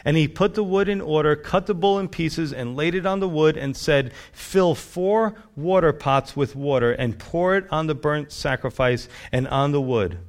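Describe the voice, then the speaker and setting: A man preaching a sermon, reading scripture aloud and breaking into conversational comments, at times rising to loud emphatic bursts. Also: on the high side, normal speed, few pauses. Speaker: pastor.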